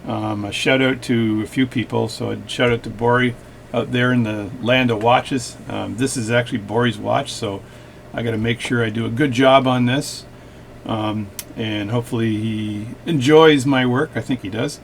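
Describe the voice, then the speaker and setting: A man's voice: medium pitch, fairly even intonation, normal speed, gravelly, a little hiss or hum. A man hosting a watch repair video, chatting casually with rambling, joking asides at his workbench.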